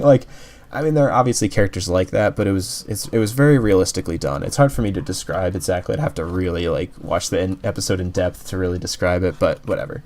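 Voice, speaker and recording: Low-voiced man rambling earnestly. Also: fairly quick, a little mellow. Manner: rambling, heavy use of "like", frequent restarts; earnest, openly emotional. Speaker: anime reviewer. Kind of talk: casual spoken review.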